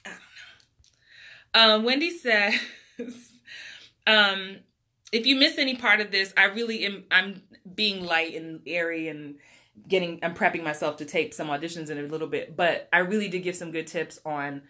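Bright-voiced New woman chatting live. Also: fairly low pitch. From New York. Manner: chatty, laughs often, reads out viewer comments. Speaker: acting coach. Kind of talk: casual livestream chat.

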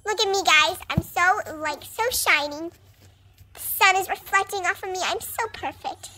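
A woman plays a cheeky young mare in a comic vlog voice-over, chattering and teasing in a playful way. The voice sits very high and sounds bright. A faint noise runs under it. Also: moderate pace.

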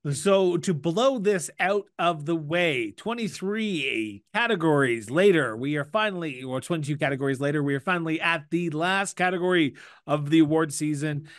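A man's voice: a little high, expressive, normal speed, a bit bright, no echo. A Canadian man co-hosting a podcast in casual chat, with a dry, teasing, mock-indignant manner. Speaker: podcast co-host.

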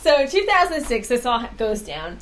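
A woman co-hosting a lighthearted talk show in an easy, matter-of-fact way. Her voice sits slightly high as she sets up facts for the jokes. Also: normal speed. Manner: relaxed, feeds facts and agrees. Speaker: co-host. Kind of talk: casual comedic chat.

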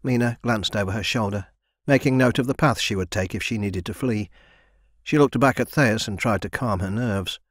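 A male narrator with a lowish voice reads a fantasy audiobook in an even, measured way. The recording is close and dry. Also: dry recording. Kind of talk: scripted narration.

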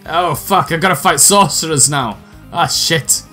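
A man's voice: a little high, measured pace, pushed and bright, faint music behind. A man with a scratchy throat giving casual, sweary let's-play commentary with laughing asides.

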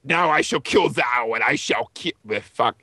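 A man voicing a menacing male dark lord in a stiff, mock-archaic way, his nose pinched shut so the voice sounds nasal. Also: animated, moderate pace, slightly rough, dry recording. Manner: mock-archaic threats, deep put-on voice.

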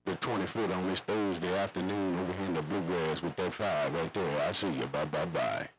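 A man's voice: low-pitched, fairly even intonation, fairly quick, over music, low-quality recording. A man chatting over CB radio, rambling in slangy, repetitive radio lingo. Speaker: CB radio operator.

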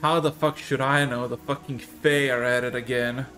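A man's voice: mid-range voice, steady tone, normal speed, bright, forceful tone, lightly acted. A man voicing a weary, foul-mouthed male guard captain in a tabletop game. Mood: gruff. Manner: swearing, blunt, tired.

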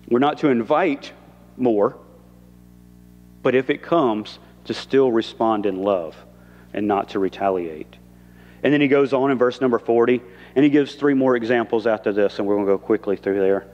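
A man's voice: medium pitch, normal speed, long pauses, darkish tone, highs cut off. Male pastor, conversational sermon with acted quotes; church hall echo, muted audio. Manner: conversational preaching, acts out quoted lines. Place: church sanctuary.

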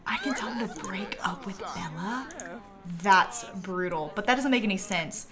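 Female streamer, casual game commentary, lively swooping voice, quick to laugh. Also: mid-range voice, music in the background. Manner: animated, laughing, talks to her game characters.

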